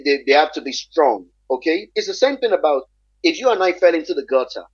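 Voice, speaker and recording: A man's voice: fairly high pitch, no room sound, muffled recording. A man in conversational discussion, earnest and emphatic, repeating phrases for emphasis.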